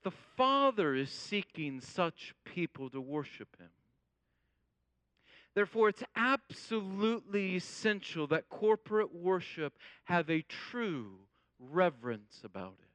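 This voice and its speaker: A man preaching a sermon as pastor, in a measured way and quoting scripture. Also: high-pitched, sing-song, fairly bright tone, no room sound.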